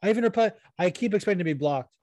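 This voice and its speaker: A man's voice: high-pitched, animated, racing, a little mellow, dry recording, studio quality. A young man co-hosting a podcast, chatting casually with lots of swearing, jokes and laughter. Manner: swearing, laughing, joking banter. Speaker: podcast co-host.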